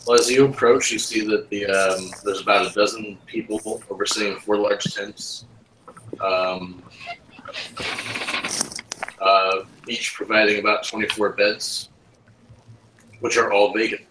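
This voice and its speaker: A man running a tabletop game, narrating in a halting way with many ums. His voice is bright and tense. The sound carries a roomy echo. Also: lowish voice, steady tone, a little hiss or hum. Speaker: game master.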